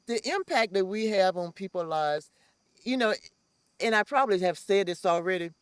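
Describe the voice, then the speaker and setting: A woman's voice: medium pitch, animated, moderate pace, dry recording. Woman from a community farm talking from the heart, repeats stuff for emphasis, dry sound. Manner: earnest, repeats phrases for emphasis, gets emotional. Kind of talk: heartfelt interview talk.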